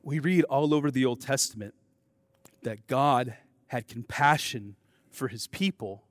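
A man preaching a sermon to his congregation. He swings between soft, intimate asides and loud, emphatic declarations, with casual, self-deprecating remarks. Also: medium pitch, measured pace, no echo. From American Midwest. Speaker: pastor.

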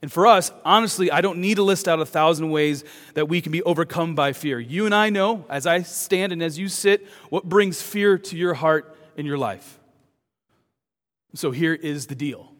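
A man preaching a sermon as pastor, moving between loud urgent emphasis and soft hushed words. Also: a little high, normal speed. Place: church. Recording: long hall reverb.

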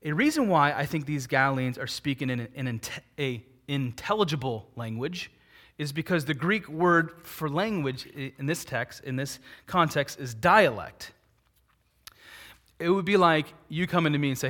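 A man, a pastor, preaching a sermon in an animated way, posing rhetorical questions and answering them, swinging between loud emphatic peaks and quiet asides. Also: a little high, moderate pace.

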